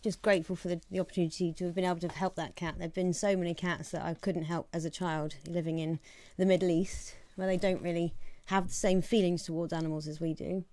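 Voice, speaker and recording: A woman's voice: fairly low pitch, level tone, fast talker, few pauses, dark tone, dry recording. A woman co-hosting a casual live stream, chatting in bubbly, giggly banter with playful exclamations. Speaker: co-host.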